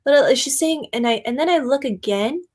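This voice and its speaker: A woman's voice: high-pitched, expressive, a little fast, a little mellow. A woman guest, a psychic and shamanic yoga instructor, talking casually in a chatty storytelling way with frequent laughter and fillers. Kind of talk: casual conversation.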